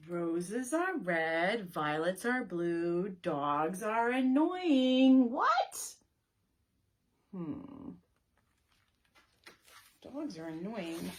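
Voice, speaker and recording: A librarian with a medium-pitched voice leads story time for young children. She reads and rhymes in an animated, sing-song way and asks the kids questions.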